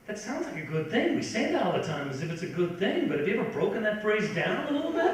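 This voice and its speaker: A middle-aged man doing a stand-up comedy set in a club, ranting and incredulous, sometimes building to a shout. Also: high voice, sing-song, fast talker, few pauses, a little hiss or hum. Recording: echoey club from far off.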